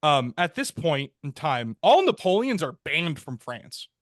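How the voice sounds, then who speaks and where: A man with a slightly raised voice spins a history story at an unhurried, drawling pace, full of "um" and "like." He breaks into exaggerated character voices for the quotes. The sound is dry and close-miked. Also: big pitch swings, dry recording. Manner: laid-back, rambling, frequent "um" and "like"; acts out quoted characters with jumps in pitch. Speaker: podcast co-host.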